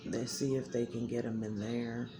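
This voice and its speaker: A woman's voice: rumbling low, fairly even intonation, normal speed, noisy background. A woman talking candidly to her viewers in a blunt, emotional way, swearing freely. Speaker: vlogger. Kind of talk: candid talk to camera.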